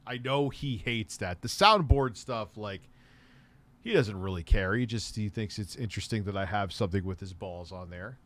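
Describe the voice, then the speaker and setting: A man's voice: lowish voice, lively intonation, normal speed, fairly bright tone. A man hosting a live stream, chatting casually with rambling, mocking and profane remarks. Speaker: livestream host. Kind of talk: casual chat.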